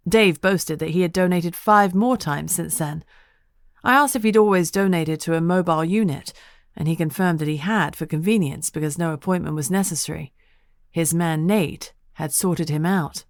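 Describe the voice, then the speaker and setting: A woman narrating an audiobook in the first person, with a steady, measured reading and dry wit. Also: low-pitched, no room sound.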